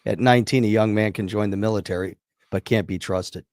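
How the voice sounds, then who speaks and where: Gravelly upbeat male stream co-host. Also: lowish voice, fairly even intonation, a little fast, darkish tone, no room sound, studio quality. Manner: upbeat, reads viewer comments. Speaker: podcast co-host. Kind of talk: live stream chat, reading comments.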